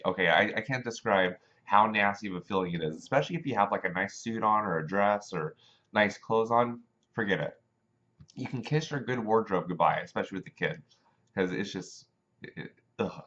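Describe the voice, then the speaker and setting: A man hosting a casual monologue show, talking in an animated, rambling way with many fillers, in a dull lo-fi recording. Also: lowish voice. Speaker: show host.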